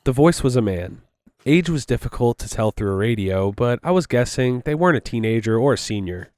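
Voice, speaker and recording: A man reading a horror story aloud in a measured way. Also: medium pitch, expressive, darkish tone, dry recording. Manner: measured, with casual asides. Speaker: story narrator.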